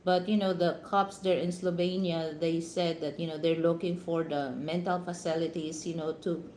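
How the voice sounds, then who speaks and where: A Filipino vlogger with a Filipino accent offers advice to viewers during a casual live stream, peppering her talk with "you know." Her lowish, darkish voice keeps a fairly even intonation at normal speed, and the echoey room carries slight background noise.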